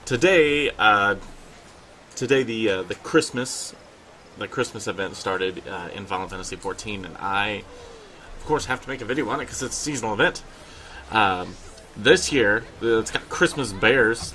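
Man, gameplay commentary, low bright voice, rambling with fillers, faint background noise. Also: lively intonation, moderate pace. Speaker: gaming video host.

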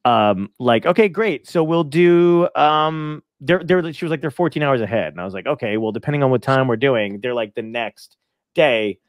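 Rambling, sweary podcast host, dry sound. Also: male voice, mid-range voice, no room sound. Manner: swears freely, quick rambling anecdotes with laughs. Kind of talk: casual chat.

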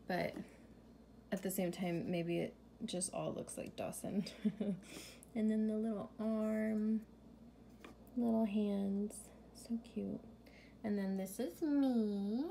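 A woman's voice: vocal fry, mellow, a little hiss or hum. A pregnant young woman in her twenties, chatting casually in a vlog update. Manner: chatty, talks baby-talk to her cat in a high sing-song voice. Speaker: vlogger.

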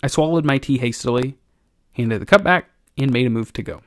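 A man, a teacher, narrating an audiobook chapter for his class in a measured, expressive way. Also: mid-range voice, no room sound, clean studio sound.

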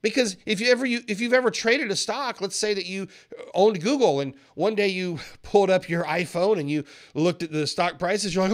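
A man teaching a trading seminar in an animated way, laughing often and acting out traders' reactions. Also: high-pitched, moderate pace. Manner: animated, acts out traders' reactions in quoted voices; laughs often while explaining. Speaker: trading educator.

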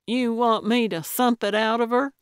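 Woman doing a giddy old lady detective, voice perked up high, dry close sound. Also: fairly even intonation, normal speed, clean tone, no room sound, close to an everyday voice. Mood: eager. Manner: eager, gleeful about crime. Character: excitable eccentric old woman sleuth. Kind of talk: audiobook character voice.

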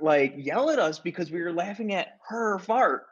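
A man's voice: fairly high pitch, expressive, measured pace, hardly any pauses, very noisy. A man co-hosting a podcast, chatting casually and telling a playful story. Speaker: podcast co-host. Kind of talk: casual chat.

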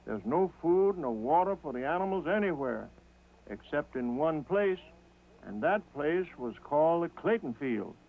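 A man tells a folk tale in a slow, rhythmic, folksy manner, his voice a little high for a man. The sound is thin and tinny, like an old television broadcast. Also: expressive, vocal fry. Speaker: storyteller.

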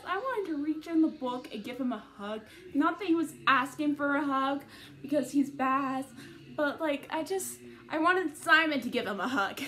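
Woman book reviewer, high voice, chatty, rambling, lots of fillers and restarts. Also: bright, forceful tone, slight background noise.

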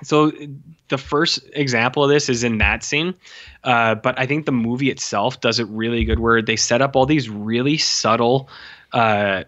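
A man's voice: mid-range voice, moderate pace, highs cut off. A man co-hosting a casual film review podcast. He rambles through scenes, packing his talk with "like" and "uh" fillers. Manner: rambling, heavy use of "like" and "uh" fillers; animated retelling of scenes. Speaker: podcast co-host.

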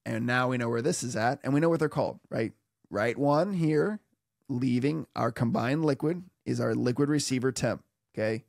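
A man teaching an HVAC lesson in an animated, playful way, with theatrical asides and sung sound effects. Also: medium pitch, normal speed, creaky, no echo, studio quality. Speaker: HVAC instructor. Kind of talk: animated technical tutorial.

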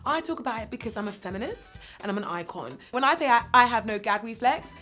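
A woman's voice: a little high, expressive, fast, bright, forceful tone, faint music behind. Brash British woman comedian in her thirties. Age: 30s. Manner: brash, boastful and self-mocking. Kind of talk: quick-fire interview game.

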